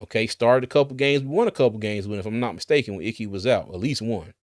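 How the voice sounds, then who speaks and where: A man's voice: lowish voice, quick pace, no echo, studio quality. A man who hosts a sports channel, giving casual livestream commentary, chatty, laughing often and repeating words.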